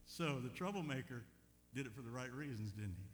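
Older pastor, animated preaching in echoey hall. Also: male voice, medium pitch, moderate pace. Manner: animated storytelling, swinging from quiet asides to loud emphatic peaks. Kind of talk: sermon. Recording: echoey hall with faint hum.

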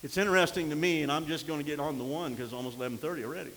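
An older male pastor delivers an impassioned sermon, his fairly high voice climbing to near-shouts before sinking into hushed storytelling. The sound carries a long reverb, as if from a church sanctuary, with faint hiss underneath. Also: rapid-fire. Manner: impassioned, rising to near-shouts then dropping to quiet storytelling.

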